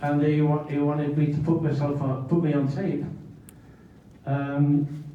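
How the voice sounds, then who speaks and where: A man's voice: a little high, level tone, a little slow, slight background noise. An older man telling chatty, laughing anecdotes as a panel guest, recorded on a phone from the audience. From England. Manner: chatty, laughing, acts out quoted voices. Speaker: convention panel guest actor. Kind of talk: anecdotal storytelling. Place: convention panel hall. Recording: echoey hall from far off, dull phone audio.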